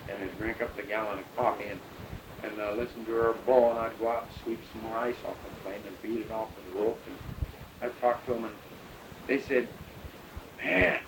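An older man, a pilot, recounting his past in a rambling, halting way full of fillers. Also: lowish voice, steady tone. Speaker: bush pilot telling his story. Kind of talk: oral history storytelling. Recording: noisy recording.

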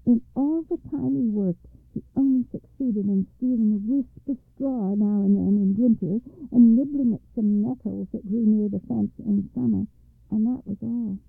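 A woman telling a fairy tale as a radio storyteller, reading in a measured, expressive way. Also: fairly high pitch, creaky, husky, no room sound. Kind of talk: scripted fairy-tale narration. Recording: dry, tinny phone-like radio sound.

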